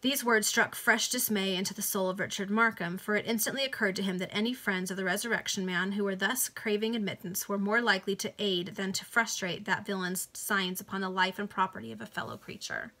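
Woman reader, bright voice, casual book reading with explanatory asides. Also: medium pitch, steady tone. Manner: pauses to explain the text, chatty asides. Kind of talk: casual read-aloud of a novel. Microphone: video call.

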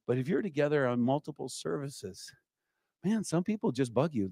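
A man's voice: mid-range voice, sing-song, normal speed, gravelly, dark tone, no room sound. A man preaching a revival sermon, telling a story with frequent call-outs to the congregation. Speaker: evangelist preacher. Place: church.

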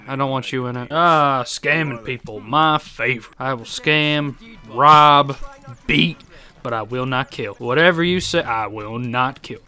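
A man's voice: mid-range voice, bright, forceful tone, clear, resonant tone. A young man giving joking let's-play commentary, laughing often and yelping playfully. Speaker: gaming YouTuber.

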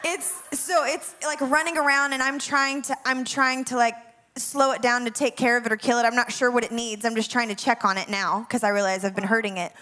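A woman worship leader telling a funny dream story, animated and dramatic, laughing as she goes. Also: on the high side, a little fast. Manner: animated, laughing often, dramatic self-mocking asides. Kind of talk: humorous dream storytelling to a class.

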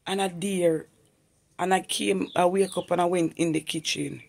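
Gravelly man telling a testimony. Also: high voice, fairly even intonation, normal speed. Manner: earnest, repetitive storytelling in creole-inflected English. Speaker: vlogger. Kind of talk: personal testimony.

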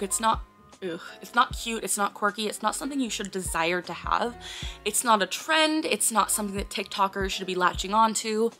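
A woman's voice: mid-range voice, pushed and bright. A woman talking casually to camera as a vlogger, earnestly explaining, often breaking off with sudden blurted words and sighs.

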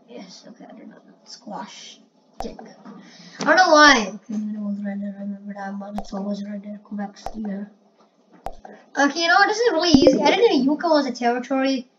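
A woman giving casual gameplay commentary, excitable and prone to loud exclamations. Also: on the high side. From India. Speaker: gamer. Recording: muffled lo-fi recording with faint hiss.

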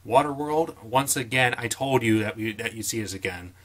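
A young man casually talking through his movie collection, with jokey asides and quick opinions. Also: medium pitch, fairly bright tone. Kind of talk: casual vlog commentary.

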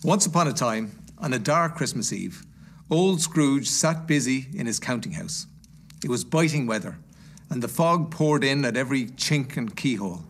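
A man reading a classic story aloud in a measured storytelling manner. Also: medium pitch, lively intonation. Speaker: guest reader.

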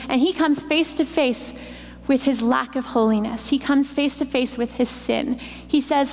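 A woman's voice: sits high, moderate pace, a little mellow. A woman preaching a sermon in a church, teaching with emphatic repetition. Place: church hall. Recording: long hall reverb, faint noise.

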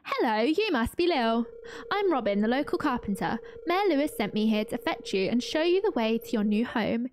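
A woman's voice: a little high, big pitch swings, normal speed, darkish tone, slight background noise. A woman voicing a friendly, practical female carpenter who welcomes a newcomer in a farming game. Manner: welcoming, matter-of-fact.

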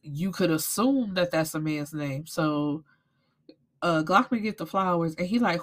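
A woman with a somewhat low voice recaps a novel in a casual chat. She is blunt and profane and tells the plot with animated energy. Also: unhurried. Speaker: book reviewer.

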